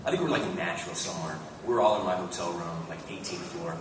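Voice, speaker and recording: A man telling profane, animated comic stories as a guest on a convention panel, often breaking into laughs, recorded in a large hall. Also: low voice, fast. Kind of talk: comic anecdote storytelling. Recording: echoey hall miked from far, noisy.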